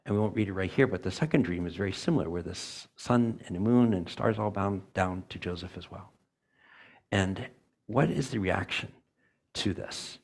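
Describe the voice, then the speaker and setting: A male church elder delivering a sermon with a gravelly, husky voice. He sits low in pitch and preaches earnestly, driving points home with repetition and acted-out quotes. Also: moderate pace.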